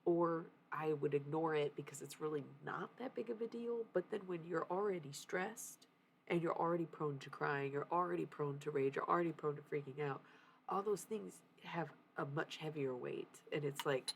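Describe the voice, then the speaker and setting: A woman's voice: sits low, moderate pace, gravelly, slight background noise. A young woman livestreaming, talking candidly in a casual confessional way, swearing freely and laughing often.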